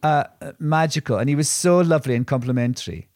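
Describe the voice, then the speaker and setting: A man's voice: on the high side, fast talker, darkish tone, no echo. A man co-hosting a podcast, telling rambling anecdotes in casual chat with many restarts and asides. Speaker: podcast co-host.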